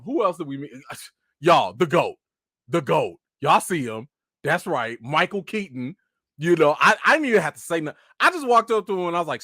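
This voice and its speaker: A man hosting a casual live chat, telling stories in an animated way and talking to his viewers as "y'all". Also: on the high side, no room sound, clean studio sound. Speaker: channel host.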